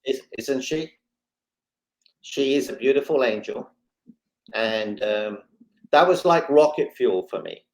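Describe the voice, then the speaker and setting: A man, a guest on a talk show, telling a personal story with lively, dramatic retelling and quoted dialogue. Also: medium pitch, takes it slowly, pauses often, rough recording. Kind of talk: emotional storytelling.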